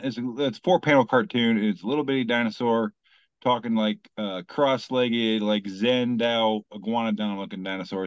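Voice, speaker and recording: A man's voice: medium pitch, dry recording, muffled recording. A man co-hosting a podcast in casual comedic chat, rambling along as he reads out memes. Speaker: podcast co-host.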